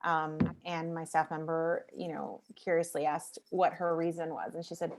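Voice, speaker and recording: A woman's voice: deep voice, level tone, moderate pace, a little hiss or hum. A woman speaking as a nonprofit founder on a video call panel, telling stories in an earnest, reflective way.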